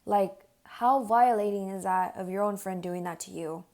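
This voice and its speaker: A woman's voice: medium pitch, moderate pace, a little mellow. Young woman earnestly retelling a distressing ordeal. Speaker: vlogger. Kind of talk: personal storytime monologue to camera.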